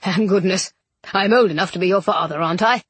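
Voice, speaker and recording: A woman reading an audiobook, voicing a polite, apologetic older gentleman. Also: on the low side, brisk, husky, no room sound.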